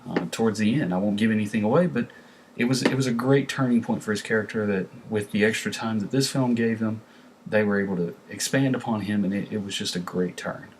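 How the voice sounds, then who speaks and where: Talking fairly quickly in a lowish voice, a movie reviewer rambles casually through his take on a film, with plenty of fillers and restarts. Some hiss or hum sits under the audio.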